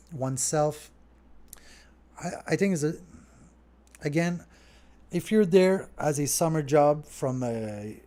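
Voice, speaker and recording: A middle-aged French Canadian man from Montreal, talking casually and rambling a little as he answers viewer questions on his podcast. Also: medium pitch. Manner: relaxed, rambling, talks straight to viewers. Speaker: restaurant owner hosting a Q&A.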